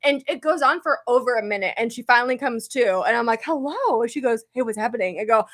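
A woman co-hosting a casual podcast, telling a story in an animated way, swearing often and acting out the people she quotes. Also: a little high, quick pace. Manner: animated, swears a lot, acts out quoted voices. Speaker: podcast co-host.

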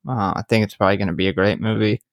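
A man's voice: fairly low pitch, fairly even intonation, racing, no echo. A man co-hosting a podcast in casual chat, earnest and often repeating words as he thinks, close on a podcast microphone. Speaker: podcast co-host. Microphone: studio podcast mic.

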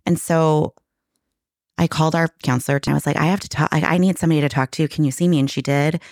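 A woman's voice: low voice, fairly even intonation, fast, creaky, a little mellow, dry recording, studio quality. A middle-aged woman telling a candid personal story in casual conversation, emotional and full of restarts. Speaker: guest.

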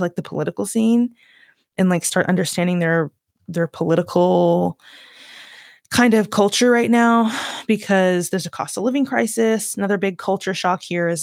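A woman's voice: on the low side, no room sound. Chatty young Southern woman, dry sound. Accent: Southern US (Virginia). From Virginia, US. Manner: chatty, rambling, heavy "like" filler, self-mocking laughs. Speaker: podcast host. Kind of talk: casual solo chat.

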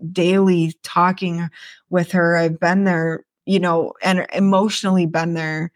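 A woman podcast host telling a personal story in a casual monologue, rambling and animated, with restarts and swearing. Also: on the low side, a little slow, dry recording.

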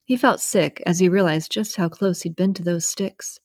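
A woman narrating a dramatic novel in a measured, even reading. Her voice sits low, and the recording is dry and close with no room sound. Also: breathy edge, no echo. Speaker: audiobook narrator. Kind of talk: scripted narration.

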